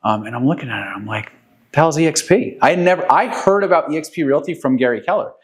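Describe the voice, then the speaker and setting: A man's voice: mid-range voice, expressive, fast talker. A man from New York City, co-hosting a podcast, telling a long rambling story full of ums and self-corrections. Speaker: podcast co-host, real estate agent. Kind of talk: casual storytelling chat.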